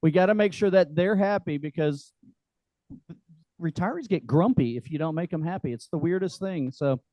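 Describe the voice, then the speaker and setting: A man's voice: on the high side, normal speed, dark tone, dry recording, highs cut off. Upbeat man hosting a meeting. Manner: upbeat, joking, folksy with many fillers. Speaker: meeting host. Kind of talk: casual address to a meeting. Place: meeting room.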